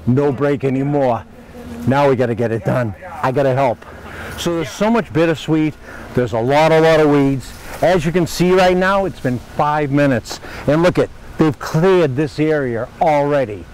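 A man's voice: a little high, normal speed, darkish tone, slight background noise, low-quality recording. A man hosting a casual gardening show outdoors at a farm, joking and talking to goats like a work crew. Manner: jokey, talks to the goats like workers.

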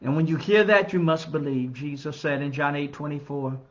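A man, a minister, giving an earnest Bible study lesson in a church, measured and building emphasis on key phrases. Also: fairly high pitch, steady tone. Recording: dull lo-fi recording.

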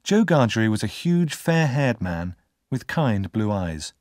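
A man narrating a storybook in a measured, clear reading. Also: lowish voice, big pitch swings, darkish tone, no echo, studio quality. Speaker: audiobook narrator.

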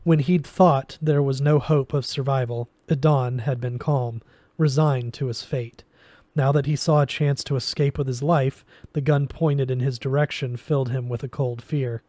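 A man reading a novel aloud in a steady storytelling manner, with occasional restarts. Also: mid-range voice, normal speed, dry recording. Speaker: reader.

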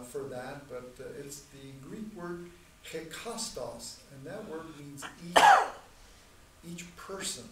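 A man teaching a church class in a measured, deliberate way, repeating key points and slowing down to stress terms. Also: medium pitch. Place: church hall. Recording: echoey room, mic far off, faint noise.

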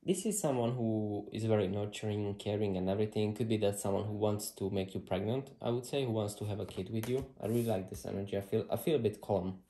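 A man's voice: lowish voice, fast, hardly any pauses, a little hiss or hum. Blunt, swearing male tarot reader. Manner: blunt, excitable, swears freely, thinks aloud. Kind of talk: casual tarot reading to camera. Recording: roomy echo.

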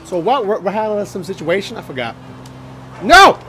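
A man casually commentating a video game playthrough, excitable and joking, swearing often and singing bits to himself. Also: sits high, quick pace, a little hiss or hum. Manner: excitable, swearing, jokey, sings snippets. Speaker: gaming channel host. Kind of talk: let's play commentary.

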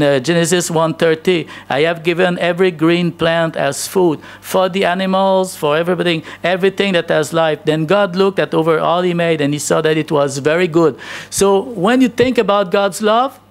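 A male pastor preaching a sermon, emphatic, with rhetorical questions and frequent restarts. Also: a little high.

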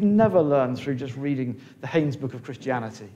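A man giving a sermon in a church, earnest and halting, often restarting his words. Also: mid-range voice, expressive, warm tone. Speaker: preacher. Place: church hall.

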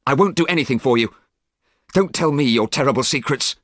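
A man voicing a proud young scientist who is scornful and unwilling, speaking in sharp, indignant tones. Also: on the low side, fast, no echo, clean studio sound, pitched above the performer's own voice.

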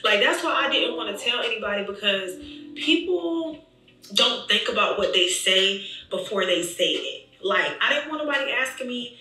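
A woman's voice: medium pitch, a little fast, faint music behind. A young woman vlogger telling a storytime, animatedly acting out what people said to her. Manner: animated retelling, acting out quoted dialogue. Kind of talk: storytime vlog. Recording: echoey room, voice distant from mic.

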